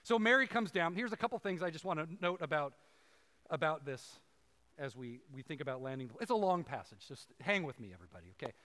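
A man's voice: fairly high pitch, big pitch swings, fast, sharp tone. A man preaching a sermon, conversational and chatty, with frequent asides to the congregation. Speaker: pastor. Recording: long hall reverb.

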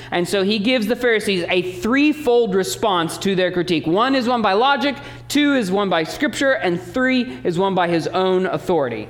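Male pastor, lively sermon delivery, swinging pitch, emphatic teaching asides.

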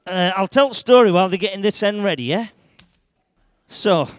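A man tells a Bible story in the first person, in thick dialect, throwing in shouts at the big moments. His voice sits fairly high for a man, and the sound is close and dry. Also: no echo. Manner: broad dialect, lively, shouts at dramatic moments. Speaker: church storyteller.

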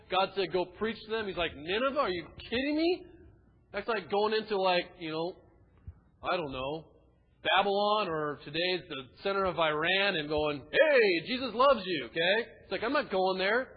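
A man's voice: high-pitched, breathy edge. A man preaching a sermon in a conversational way, with casual asides. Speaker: pastor. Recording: dull recording with long hall reverb.

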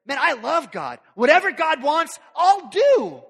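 An eager, devout young woman gushes in a high, breathless voice, as a male preacher puts her on. She sounds excited and wholehearted, like a bright sermon re-enactment. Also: unhurried, in a large hall, full character voice.

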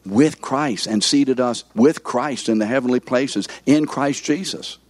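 A man's voice: mid-range voice, a little slow, a little mellow, dry recording. A man in his seventies, a pastor giving an interactive sermon who keeps asking the congregation questions.

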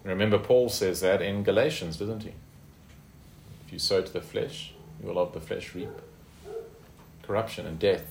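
A man's voice: deep voice, normal speed, gravelly, pauses often, echoey room, slight background noise. A man teaching a Bible study in a conversational way, with fillers and tag questions.

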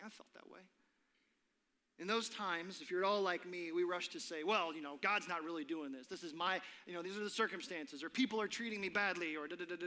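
Man, sermon, dramatic delivery, tense bright tone, reverberant hall. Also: high voice. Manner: dramatic, drops to a whisper for effect. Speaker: preacher. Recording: long reverb of a large hall.

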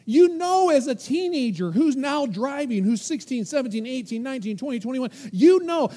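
Husky-voiced preacher acting out voices. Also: male voice, extremely high pitch, sing-song, normal speed, hardly any pauses, warm tone. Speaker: pastor. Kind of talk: sermon.

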